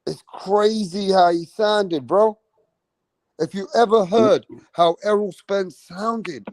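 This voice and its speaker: A man hosting a casual live-stream about boxing, talking excitably and repeating himself with slang. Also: a little high, dry recording, poor audio. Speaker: livestream boxing host.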